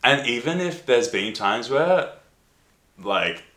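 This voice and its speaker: A man's voice: mid-range voice, expressive, takes it slowly, noisy background. A young man, a comedian hosting a casual chat, self-deprecating and acting out funny voices. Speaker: comedian and host. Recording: echoey room.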